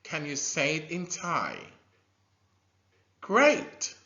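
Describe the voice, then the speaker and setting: A man teaching a scripted science lesson to young learners, slow and animated, with drilled repetition and loud praise. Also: a little high. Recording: dull lo-fi recording.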